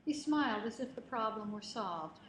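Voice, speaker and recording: A woman author giving a public reading of her memoir, in a measured, expressive voice that lingers on phrases. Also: a little high. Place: lecture hall at a reading event. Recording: roomy hall, faint noise, livestream.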